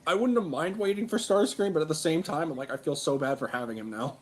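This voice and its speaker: A man's voice: on the high side, quick pace. A man chatting as a guest on a livestream, wry and self-deprecating, over a video call. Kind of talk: casual chat.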